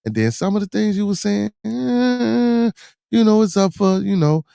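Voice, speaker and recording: A man hosting a livestream podcast, animatedly begging chat for super chats and shouting out supporters. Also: high voice, expressive, a little slow, gravelly, clear, resonant tone, no echo, studio quality. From Chicago area.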